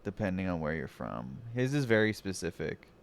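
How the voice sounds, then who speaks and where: A man streaming casual reaction commentary, excitable and swearing freely. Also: sits low, moderate pace, creaky.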